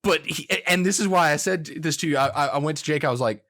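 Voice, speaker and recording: A man co-hosting a gaming podcast, telling a story in casual chat, animated and laughing as he quotes others. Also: on the high side, fast talker, few pauses. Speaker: podcast co-host.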